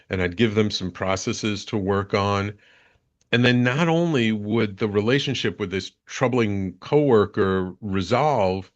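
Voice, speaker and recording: Low-voiced middle-aged man telling his story. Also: lo-fi sound. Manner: earnest, reflective, thinks aloud with many restarts. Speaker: guest, business and life coach. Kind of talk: reflective personal storytelling in an interview.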